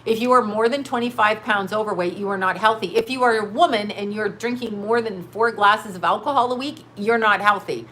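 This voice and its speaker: A middle-aged woman talks straight into a webcam, ranting bluntly with profanity as she reads chat comments. Her voice sits mid-range in pitch. A faint background hiss stays under her. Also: fairly quick, hardly any pauses, a bit bright. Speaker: livestream host reading chat comments. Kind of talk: casual livestream rant. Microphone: webcam or phone mic.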